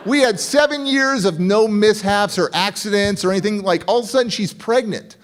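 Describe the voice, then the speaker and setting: A man's voice: high voice, fairly quick, hardly any pauses. A middle-aged man giving a motivational keynote at a conference, telling a personal story and acting out the voices of the people in it. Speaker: motivational speaker. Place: conference hall.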